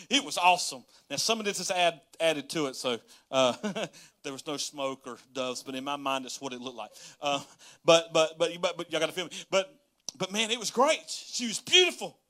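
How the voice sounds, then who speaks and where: Pastor in his thirties, bright and animated, chatty livestream sermon. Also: high-pitched, moderate pace. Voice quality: folksy, laughing, storytelling, animated.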